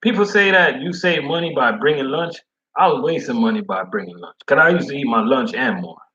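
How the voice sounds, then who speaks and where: A man who is a food service delivery driver, chatting casually in slangy, animated talk. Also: medium pitch, brisk, lo-fi sound. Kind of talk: casual chat.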